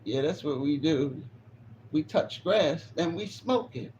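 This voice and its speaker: A man's voice: a little high, animated, slow, darkish tone. A man chatting casually on a live stream, rambling and swearing as he reacts to chat. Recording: dull lo-fi stream audio with faint noise.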